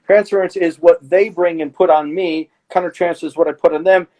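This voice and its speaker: A middle-aged man, a therapist, talking casually in an interview and telling stories with lively acted-out exchanges. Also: on the high side, fairly quick, rough recording. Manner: animated storyteller who acts out his patients' voices.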